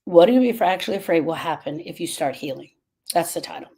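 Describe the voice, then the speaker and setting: A woman's voice: lowish voice, expressive, quick pace, warm tone, slightly rough. A woman grief coach talking casually to viewers on a live stream, earnest and repeating herself as she drifts off topic.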